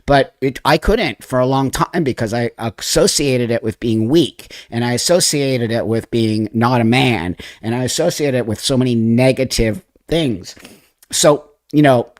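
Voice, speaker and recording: A man's voice: medium pitch, a little slow, no room sound. A man in his sixties hosting a livestream, telling a personal story in a loose, emotional, profane way. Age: 60s. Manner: emotional, profane, animated retelling with acted-out quotes. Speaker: livestream host.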